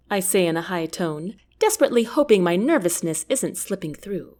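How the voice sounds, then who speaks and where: A woman narrating a first-person novel as an audiobook, with an expressive, character-driven delivery. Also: fairly low pitch, normal speed, hardly any pauses.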